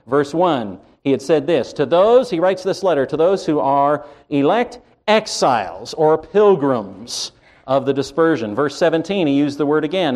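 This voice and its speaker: A man preaches a sermon with a slightly high-pitched voice. He speaks slowly and deliberately, lifting his voice on key words and dropping nearly to a murmur on others. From Canada. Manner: slow, emphatic preaching with wide swings in pitch and loudness. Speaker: pastor.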